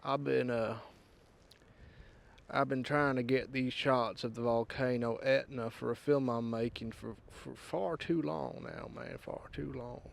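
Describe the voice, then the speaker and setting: An English man putting on a gruff Southern US drawl for a vlog monologue, folksy and fond of "y'all". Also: medium pitch, steady tone, unhurried. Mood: frustrated. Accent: put-on Southern US drawl. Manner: folksy, says "y'all", swears casually.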